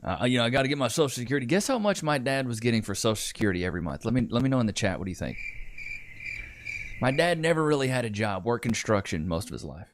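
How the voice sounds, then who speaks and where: A man's voice: mid-range voice, fast, slight background noise. A man hosting a livestream podcast, telling a family story casually, doing voices and talking to the chat. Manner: animated storyteller who does voices and jokes with the chat. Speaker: podcast host.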